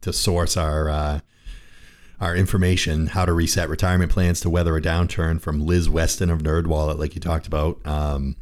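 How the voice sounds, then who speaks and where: Financial advisor host, man, very low voice, self-described monotone. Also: normal speed. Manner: calls himself monotone, laughs easily. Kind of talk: radio talk show.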